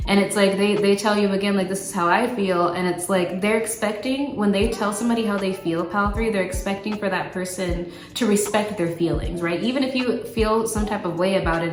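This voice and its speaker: A woman giving a casual tarot reading to camera, blunt and chatty, swearing freely and talking with lots of fillers. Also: medium pitch. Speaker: tarot card reader. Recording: roomy echo with faint music.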